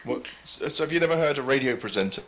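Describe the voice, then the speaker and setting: A man's voice: medium pitch, expressive, quick pace, a bit bright, slight background noise, poor audio. A man in casual chat, making dry, teasing remarks.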